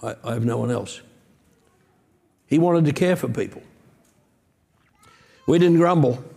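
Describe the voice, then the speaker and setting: A man's voice: medium pitch, unhurried, creaky, dark tone. A man preaching a sermon as pastor, earnest and emphatic, with conversational asides.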